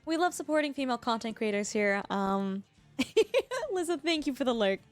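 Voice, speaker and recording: A high-pitched woman streamer chatting casually with her viewers. She talks in a bubbly, effusive way, thanking people and laughing often, with faint music playing underneath. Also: big pitch swings, moderate pace. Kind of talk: casual chat with live viewers.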